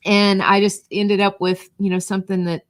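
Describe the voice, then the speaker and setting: A woman's voice: medium pitch, level tone, normal speed, no echo. Middle-aged woman guest with a barely-there Southern accent; easy, laughing storyteller, dry close mic. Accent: faint Southern US, mostly neutralized. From North Georgia, USA. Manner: chatty storyteller, laughs easily. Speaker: guest, brand coach and podcast host. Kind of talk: conversational interview.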